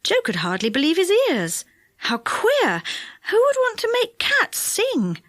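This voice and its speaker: Lively, expressive woman reading a children's story. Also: very high voice, measured pace, dry recording. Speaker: audiobook narrator. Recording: dry close studio sound.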